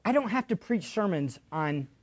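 A middle-aged pastor preaches with fervent passion, dropping to near-whispered asides before rising again to cries. His voice sits a little high for a man. The recording is dull and lo-fi, like an old church tape. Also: lively intonation, normal speed. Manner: passionate, swings from quiet asides to shouting. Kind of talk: sermon.

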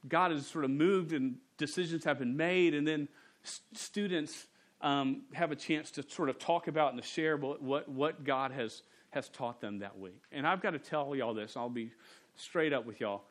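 A man, a pastor preaching a sermon in a church and telling stories in a relaxed, humorous way. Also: fairly high pitch, normal speed. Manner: conversational, humorous storytelling. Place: church sanctuary.

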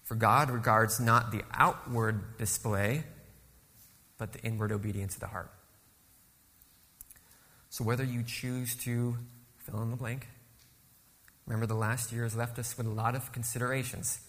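A man's voice: medium pitch, fairly even intonation, unhurried, pauses often, pushed and bright, long reverb tail. A man preaching a sermon as guest speaker, asking the congregation rhetorical questions and then answering them. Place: church sanctuary.

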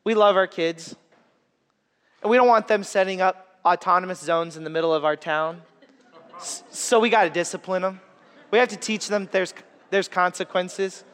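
High-ish voice guy preaching, earnest but chatty, lots of echo in the hall. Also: normal speed, fairly bright tone. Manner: earnest, conversational preaching with personal stories and humor. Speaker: pastor. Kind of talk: sermon. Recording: echoey hall reverb.

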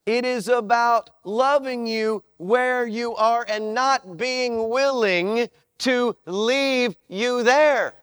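A male pastor delivers a sermon with a very high voice. He talks conversationally but hammers points home with repeated phrases. The recording is dry and close. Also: slow, a bit bright, smooth, dry recording. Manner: emphatic, repetitive, conversational.

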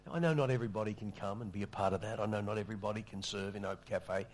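A middle-aged man preaches a sermon in a low voice. He speaks casually and makes fun of himself, sometimes stumbling over a word before he goes on. A faint hum sits under the recording. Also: steady tone, rapid-fire. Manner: conversational, self-deprecating, stammers on restarts. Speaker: pastor. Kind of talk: sermon with storytelling.

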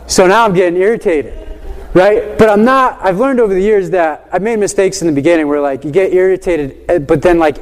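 A man who teaches high school, telling a classroom story in a casual, animated way with lots of fillers. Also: big-room sound. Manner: animated, chatty, many fillers like "you know".

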